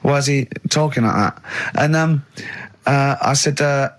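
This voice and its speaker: A man hosting a casual chat, telling a story in an animated way with frequent laughter. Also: mid-range voice, measured pace. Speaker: host.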